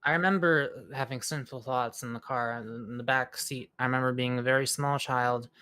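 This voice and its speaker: Rambling streamer with a middle-pitched voice. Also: steady tone, moderate pace, bright, forceful tone, smooth. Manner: rambling, stammering, swearing, mock news-anchor reading. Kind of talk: casual chat, reading quizzes aloud.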